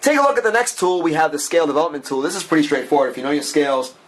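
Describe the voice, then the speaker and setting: A man's voice: a little high, very fast. A man doing a chatty, enthusiastic walkthrough of a music app, with fillers and frequent asides to the viewer. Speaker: app reviewer.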